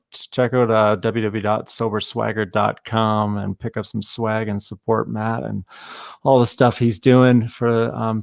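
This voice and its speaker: Man, podcast host, gravelly voice, dry sound, enthusiastic, halting. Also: medium pitch, no room sound. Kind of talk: casual conversation. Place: works in Canada.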